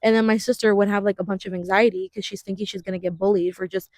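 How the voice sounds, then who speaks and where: A woman in her twenties co-hosting a podcast in casual chat, talking fast with many fillers and frequent laughs. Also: mid-range voice, fairly even intonation, darkish tone, no room sound. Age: 20s. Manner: chatty, laughs often, uses many fillers. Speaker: podcast co-host.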